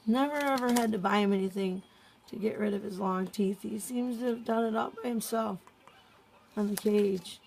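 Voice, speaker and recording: Woman coaxing her pets, gravelly voice. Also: medium pitch, moderate pace, a little mellow, a little hiss or hum. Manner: coaxing, sing-song talk to pets. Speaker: pet owner filming her animals. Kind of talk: casual home video chat.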